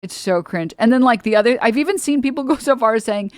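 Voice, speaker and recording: A woman's voice: on the high side, lively intonation, fast talker, no echo, studio quality. A woman streamer ranting in casual commentary, blunt, profane and sarcastic, rambling with lots of filler words. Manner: rambling with many filler likes.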